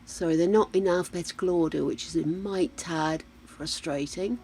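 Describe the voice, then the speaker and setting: A woman's voice: on the low side, normal speed, a little mellow, a little hiss or hum, low-quality recording. A woman from the UK chatting casually as a live streamer, muttering to herself while she plays a game. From United Kingdom. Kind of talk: casual gameplay chat.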